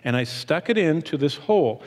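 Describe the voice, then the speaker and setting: A middle-aged man preaching a sermon as pastor, animated, shifting his pace and emphasis as he teaches. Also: on the high side, moderate pace. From Michigan, USA. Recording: long hall reverb.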